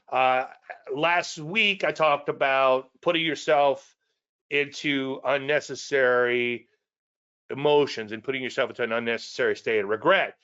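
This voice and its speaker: A man's voice: mid-range voice, a bit bright, muffled recording. A man hosting a market show, teaching casually in a rambling, conversational way with self-deprecating asides and repeated points. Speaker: trading educator and show host.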